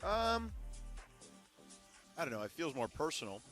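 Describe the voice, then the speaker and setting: Bright, lively young male radio co-host. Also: fairly high pitch, unhurried, faint music behind. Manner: hesitant, filler-heavy musing. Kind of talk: casual sports talk.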